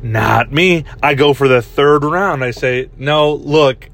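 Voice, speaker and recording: A man's voice: medium pitch, measured pace, gravelly, fairly bright tone. A young man telling a rambling story in a casual podcast chat, laughing often and saying "dude" a lot. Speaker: podcast host.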